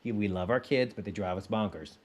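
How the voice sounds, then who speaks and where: A man in his thirties telling a casual personal story to his listeners, animated and playing out his own inner voice. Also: lowish voice, brisk. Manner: animated, acts out sounds and inner voice. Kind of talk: casual anecdote told to listeners.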